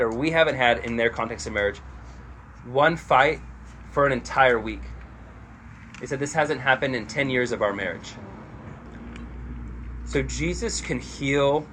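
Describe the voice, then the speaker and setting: Male pastor, mid-pitch, casual sermon delivery with lively quoted lines, faint background noise. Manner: casual storytelling with frequent "like" fillers, raising his voice in quoted lines.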